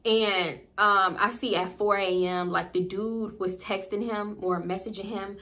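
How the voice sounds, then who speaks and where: A woman with a Southern US accent telling a casual storytime, slangy and profane, jumping in pitch as she acts out what others said. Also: unhurried. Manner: animated, acts out quoted dialogue with big pitch jumps; slangy, profane, addresses viewers as y'all. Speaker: storytime vlogger.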